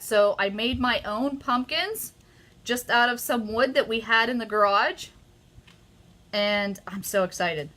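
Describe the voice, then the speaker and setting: Woman host, casual live craft demo, bright tone, eager and effusive. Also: a little high, a little slow. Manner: chatty and easily excited, gushing. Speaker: craft demonstrator hosting a live stream.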